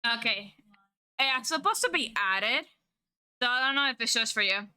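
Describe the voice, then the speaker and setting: A woman's voice: on the high side, expressive, normal speed, sharp tone, clear, resonant tone. A woman live-streaming, chatting casually with her viewers in a playful, teasing way and laughing often.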